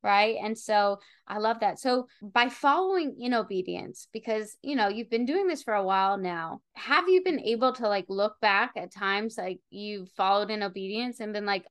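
A woman's voice: medium pitch, moderate pace, few pauses, fairly bright tone. A woman host in a casual faith conversation, encouraging her guest and asking open questions.

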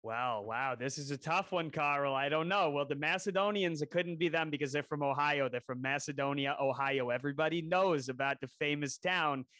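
A man's voice: on the high side, moderate pace, few pauses, sharp tone, dry recording. A man co-hosting a podcast, chatting casually and wandering into side tangents. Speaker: podcast co-host. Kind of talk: casual chat.

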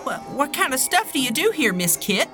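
A woman's voice: high voice, very animated, moderate pace, music in the background. A woman voicing a naive young small-town man who dreams of stardom, nervous and stammering. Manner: nervous, stammering, wide-eyed.

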